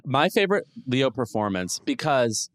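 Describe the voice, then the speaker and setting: A man's voice: medium pitch, sing-song, moderate pace, a bit bright, no echo. A man co-hosting a podcast in casual chat, opinionated and teasing with a wry edge. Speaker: podcast co-host.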